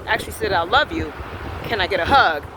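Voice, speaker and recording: A man telling a personal faith story with deep feeling. He acts out the quoted dialogue and moves between quiet, hushed moments and loud outbursts. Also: animated, fairly quick, noisy background. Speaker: vlogger sharing a personal faith testimony.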